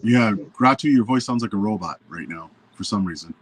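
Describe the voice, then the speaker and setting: A man's voice: fairly low pitch, animated, fairly quick, slightly rough. A man in a casual video-call chat, chiming in with brief approving remarks.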